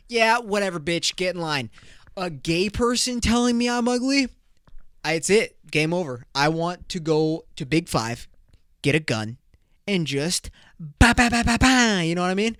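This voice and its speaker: A man's voice: on the high side, a bit bright, clean tone, no echo, clean studio sound. A man hosting a podcast, telling a story in loose, profane, casual talk and laughing often. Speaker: podcast host.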